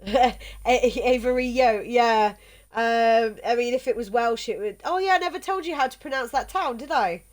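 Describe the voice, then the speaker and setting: A woman streaming a video game, chatting casually with viewers in a halting way, tripping over words. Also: fairly high pitch.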